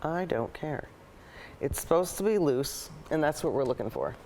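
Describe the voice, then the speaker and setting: A woman hosting a live painting lesson chats eagerly and thinks aloud as she paints, working as both show host and art teacher. Her voice is low and dark, with big pitch swings at a moderate pace. There's a little hiss or hum in the recording.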